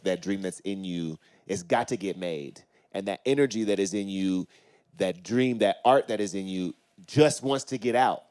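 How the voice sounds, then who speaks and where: A man's voice: low-pitched, darkish tone. A man on a live panel speaking in an emphatic, rallying, heartfelt way.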